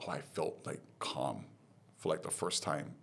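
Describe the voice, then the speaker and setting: A man's voice: a bass voice, unhurried, creaky. A man from Hawaii, a podcast guest, telling his life story candidly and acting out the dialogue he quotes. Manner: animated retelling, acts out quoted dialogue.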